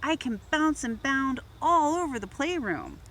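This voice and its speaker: A woman voicing cheerful talking toys in a children's storybook, calling out eagerly in a high voice. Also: sing-song, measured pace, fairly bright tone, exaggerated voice.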